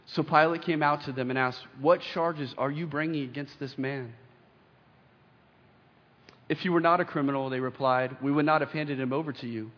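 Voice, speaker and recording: A young adult man preaching a sermon in a church, reading scripture aloud with earnest emphasis and pauses. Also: medium pitch. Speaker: pastor. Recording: dull lo-fi sound with long hall reverb.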